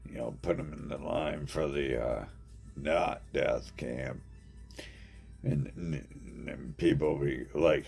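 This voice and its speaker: Slow, gravelly, low-voiced man. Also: steady tone, a little mellow, soft background music. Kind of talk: ranting monologue to camera.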